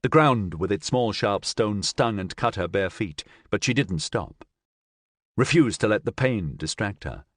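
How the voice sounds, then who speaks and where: A man reading a science fiction audiobook in an expressive, dramatic narrating style. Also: lowish voice, measured pace, no room sound, clean studio sound. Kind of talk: scripted narration.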